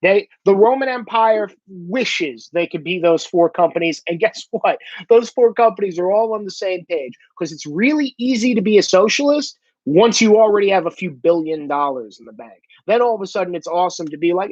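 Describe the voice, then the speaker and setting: A man's voice: high-pitched, expressive, moderate pace, darkish tone. A blunt man rants straight to the camera and swears freely as he goes. He keeps breaking into mocking impressions of other people. His voice sounds dull and muffled, with a dry, close sound and no room echo. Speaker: vlogger. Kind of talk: casual profane monologue.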